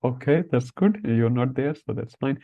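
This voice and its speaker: A man's voice: medium pitch, lively intonation, normal speed. A man teaching an online scripture class, patiently calling on students by name over a video call. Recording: dull lo-fi call audio.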